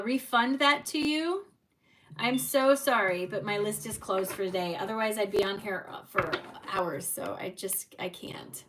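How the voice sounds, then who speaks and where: A woman's voice: fairly high pitch, far from the mic, background noise. A woman giving tarot card readings on a livestream, speaking encouragingly and addressing viewers by name.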